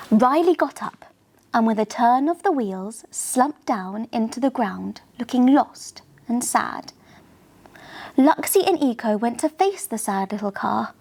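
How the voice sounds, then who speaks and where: A woman narrating a children's bedtime story in a gentle, animated way. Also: on the high side, measured pace.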